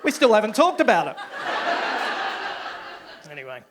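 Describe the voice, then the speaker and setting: A man's voice: sits high, huge pitch swings, normal speed, crowd noise, noisy background. An Australian man in his forties doing live stand-up, telling stories in a chatty way with frequent tag questions and swearing. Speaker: stand-up comedian. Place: comedy club stage.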